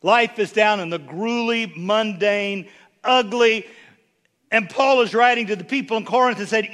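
High, bright-voiced preacher. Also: male voice, unhurried. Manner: folksy, humorous storytelling with rising emphatic bursts. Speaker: bishop preaching. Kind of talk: sermon.

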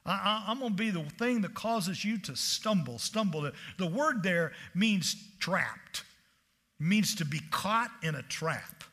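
A male preacher delivering a sermon in a high, ringing voice. He talks in animated bursts, stammering on restarts and slipping into the voices of the people he quotes. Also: a little slow.

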